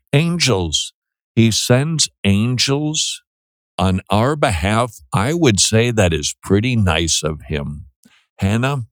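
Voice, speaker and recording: Low-voiced male radio host, dry studio sound. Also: no echo. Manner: conversational, self-deprecating, jokey asides. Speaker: radio show host answering listener questions. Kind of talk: casual radio call-in chat.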